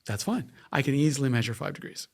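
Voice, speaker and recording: A man with a gravelly, mid-range voice talks through a medical device in a relaxed interview. He explains with enthusiasm, restarting sentences and reaching for homely analogies. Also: mid-range voice, fast talker. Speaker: neuroscientist guest. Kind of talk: casual explanatory interview talk.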